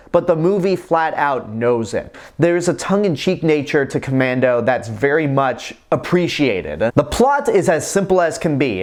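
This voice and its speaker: A man hosting a film review channel, talking casually and enthusiastically. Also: medium pitch. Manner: enthusiastic, chatty. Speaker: movie reviewer, channel host.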